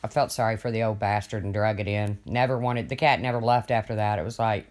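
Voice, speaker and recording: A man's voice: lowish voice, fairly even intonation, fast talker. An older man rambling casually to viewers on his livestream, folksy and swearing freely as he reads their comments. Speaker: livestream host.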